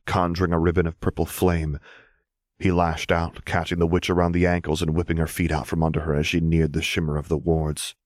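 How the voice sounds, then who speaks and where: Male audiobook narrator, very low voice, steady, dry close recording. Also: no room sound. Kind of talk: scripted fiction narration.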